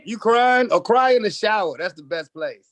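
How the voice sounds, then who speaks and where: Animated comedian man, higher voice. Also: normal speed. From Oakland, California. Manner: animated storytelling, acts out voices, profane. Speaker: comedian guest. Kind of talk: casual podcast interview.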